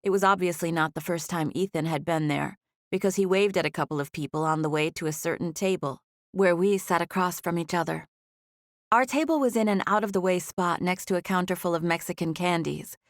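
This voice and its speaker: A woman narrating a romance audiobook in the first person, with expressive storytelling. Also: lowish voice, fairly quick, no room sound, clean studio sound.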